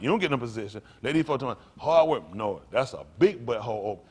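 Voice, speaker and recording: A fast-talking male pastor whose voice has a breathy edge preaches an animated sermon in folksy language and calls out to his congregation. He climbs into loud, high bursts for emphasis, then drops down to quiet, low lines.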